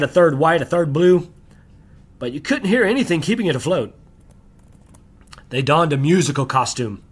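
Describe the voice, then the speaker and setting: A man reading his own novel aloud in the first person, measured and descriptive, slowing on key phrases. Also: fairly high pitch, a bit bright.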